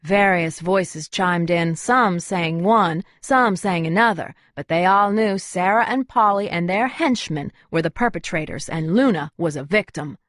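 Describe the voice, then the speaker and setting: A woman's voice: on the low side, unhurried, few pauses, a bit bright, no room sound, studio quality. Wry woman narrating an audiobook. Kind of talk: first-person audiobook narration.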